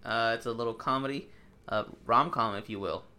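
A man's voice: medium pitch, a little fast. Laid-back male podcast host. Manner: relaxed, profane, hesitant with fillers. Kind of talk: casual chat.

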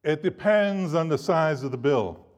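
A man preaching a sermon to a congregation, animated and emphatic, his loudness rising and falling. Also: on the high side, unhurried. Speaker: pastor.

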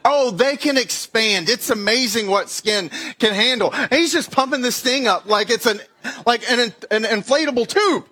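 Young man, high bright voice, animated storytelling, acts out voices and sound effects. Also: normal speed. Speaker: speaker giving a weekly message. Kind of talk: storytelling talk.

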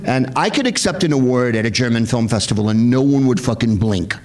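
Hosting a film screening, a man addresses a live audience in a rambling, sardonic, profane comic style, now and then switching into sudden high-pitched put-on voices. His delivery is expressive and brisk, with a darkish tone.

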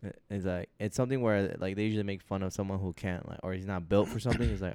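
Male podcast co-host, low smooth voice, rambling jokey chat. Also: steady tone, quick pace, hardly any pauses, mellow. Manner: laid-back, rambling, joking.

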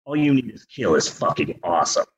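A man's voice: lowish voice, sing-song, a little fast, poor audio. A man co-hosting a podcast, reviewing a film in casual chat with sarcastic, profane remarks. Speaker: podcast co-host.

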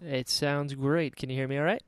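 A man from North Carolina hosting a podcast, chatting in a relaxed, friendly way and laughing often. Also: medium pitch, normal speed, smooth, no echo. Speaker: podcast host. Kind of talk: casual chat. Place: home studio in Florida, dry sound.

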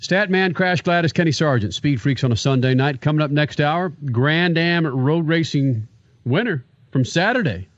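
A man's voice: on the high side, lively intonation, normal speed, no room sound. A man hosts a radio show in a dry, close studio sound with a slightly dull tone. He wraps up the segment in a promotional, upbeat manner.

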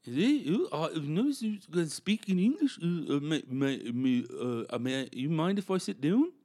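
Man doing a Finnish guy from a bar, halting broken English, higher voice, eager. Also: big pitch swings, darkish tone. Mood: polite.

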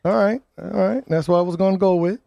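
A man's voice: high voice, quick pace, gravelly, no room sound, highs cut off. A man hosting a live talk radio show, ranting and restarting his words often as he reads listener comments and programming notes in the studio.

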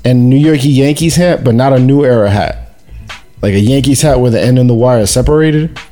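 Mellow-voiced man telling a joking story. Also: medium pitch, brisk, soft background music. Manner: joking, storytelling, laughs often. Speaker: podcast host. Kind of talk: casual chat.

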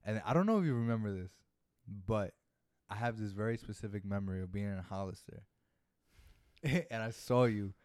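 A young man spins loose, swearing stories while co-hosting a podcast. His voice sits low and smooth, recorded close and dry. The delivery is relaxed banter. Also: normal speed, long pauses, no echo. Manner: loose, profane storytelling. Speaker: podcast co-host. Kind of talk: casual chat.

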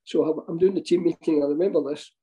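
A man's voice: a little high, steady tone, fast, dark tone, poor audio. An older man with a Scottish accent, a former football manager telling rambling anecdotes with chuckles and restarts. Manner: chuckling, rambling with restarts, acts out voices in quotes. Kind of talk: anecdotal storytelling.

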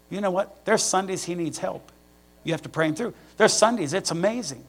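Gravelly middle-aged male pastor preaching. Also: high voice, a little fast. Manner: personal storytelling, rising to animated emphasis. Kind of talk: sermon.

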